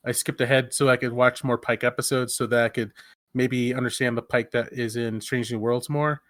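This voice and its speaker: A man's voice: mid-range voice, little pitch movement, normal speed, a bit bright, no room sound, clean studio sound. Hesitant, eager man podcaster. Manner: hesitant, many fillers and restarts, enthusiastic. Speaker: podcast co-host. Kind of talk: casual chat.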